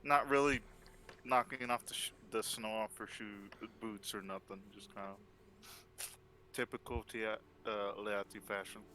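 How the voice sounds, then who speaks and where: Lowish, bright-voiced man playing a tabletop game. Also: unhurried, a little hiss or hum. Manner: relaxed, hesitant speech. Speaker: player. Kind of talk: casual role-play chat.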